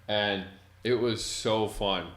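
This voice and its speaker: Speaking slowly in a somewhat low, slightly bright voice with fairly even intonation, a podcast co-host in his twenties tells a long, meandering story. The chat is casual and heavily peppered with "like".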